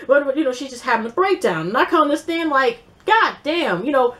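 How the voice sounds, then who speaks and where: A woman's voice: high-pitched, lively intonation, brisk, hardly any pauses, fairly bright tone. A woman reviewing a reality show in a casual vlog, rambling bluntly with profanity and many fillers.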